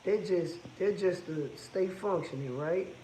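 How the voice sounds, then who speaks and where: A high-pitched man talks in a blunt, emphatic, repetitive way, like someone giving hard-earned advice from his own trucking business. His voice sits in a roomy space with a faint hum of ambience behind it. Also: unhurried. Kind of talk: casual advice monologue.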